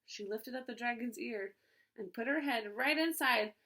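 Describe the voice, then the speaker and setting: A woman, a preschool teacher, reading a storybook aloud to children in an animated way, pausing to ask them questions. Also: fairly high pitch, poor audio. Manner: animated, asks listeners questions.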